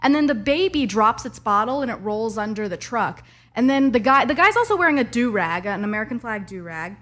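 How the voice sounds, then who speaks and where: A woman who is a comedian, a guest on a talk show, telling a lively anecdote in casual chat. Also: fairly high pitch, a little fast.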